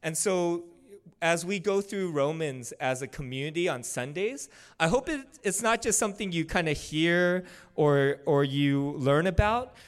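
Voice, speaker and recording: A man preaches to his congregation in a relaxed, conversational way, often slipping in casual fillers. His voice sits a little high for a man and comes across smooth and clear. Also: measured pace. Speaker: pastor. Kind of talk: sermon. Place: church service.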